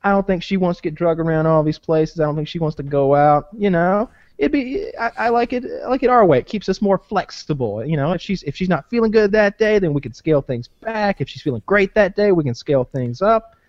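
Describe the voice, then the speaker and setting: A man's voice: high voice, expressive, fairly quick, darkish tone, no room sound, dull audio. A man in casual, rambling podcast chat, swearing freely and leaning on fillers. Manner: profane, rambling, many fillers.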